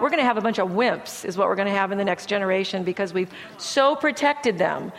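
A woman's voice: medium pitch, expressive, fast talker, few pauses. Emphatic woman lecturing in a reverberant hall. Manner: conversational and emphatic, acts out inner thoughts. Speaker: Christian teacher on chronic pain. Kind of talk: slide lecture.

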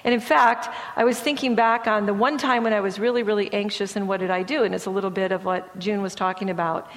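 Middle-aged woman, therapist telling her story, animated, softens for serious points, mid pitch, long hall reverb. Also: fast talker. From Michigan. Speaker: therapist speaking at a church event. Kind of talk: personal testimony talk.

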